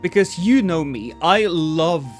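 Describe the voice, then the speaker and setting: A man's voice: fairly high pitch, animated, measured pace, soft background music. A man co-hosting an improvised comedy chat, playful, laughing often and setting up silly scenarios. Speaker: podcast co-host.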